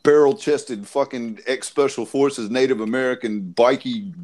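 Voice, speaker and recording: Aussie bloke on a podcast panel, telling a messy drinking story, swears a lot and laughs through it, mid-pitched voice. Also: male voice, normal speed, darkish tone. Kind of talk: casual storytelling.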